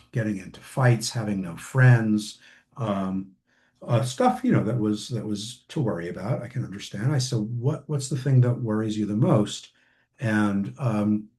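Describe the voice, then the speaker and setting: A man, a family therapist, lecturing to trainees and telling case stories in a halting way with many fillers and restarts. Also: on the low side, a little mellow.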